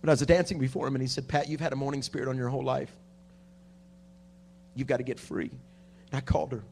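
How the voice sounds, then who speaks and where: A man preaching a sermon at a conference, dropping to a hush and then rising to shouting. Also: medium pitch, steady tone, fast talker, a little hiss or hum. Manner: swings from hushed to shouting preaching. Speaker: pastor. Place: conference hall.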